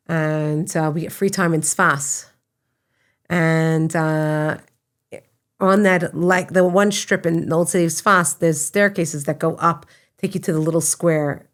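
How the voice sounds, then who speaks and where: A middle-aged woman with a deep voice, appearing as a podcast guest, tells personal stories conversationally and with animation, often breaking into laughter.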